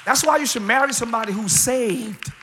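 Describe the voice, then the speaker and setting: Male pastor, live church sermon, joking, hyped, shouting asides, high bright voice. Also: brisk, some chatter behind, slight background noise. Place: church service.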